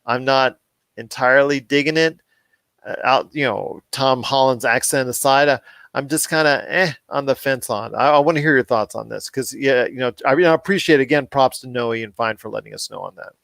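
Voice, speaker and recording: A man's voice: moderate pace, vocal fry, a bit bright, no echo. A man co-hosting a casual pop culture podcast, rambling and correcting himself, his voice rising when something puzzles him. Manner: rambling, self-correcting, gets heated and higher when puzzled. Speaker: podcast co-host.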